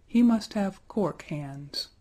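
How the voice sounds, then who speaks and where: A woman voicing a fond, sentimental old nurse in a storybook reading, gentle and homely. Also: medium pitch, animated, slow.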